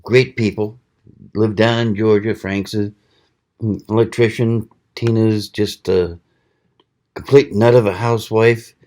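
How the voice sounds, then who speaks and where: A man hosting his own channel, talking casually in a slow, rambling way with many pauses and fillers. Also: on the low side, fairly even intonation, darkish tone. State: hiccuping. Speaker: channel host. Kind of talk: casual knife review vlog.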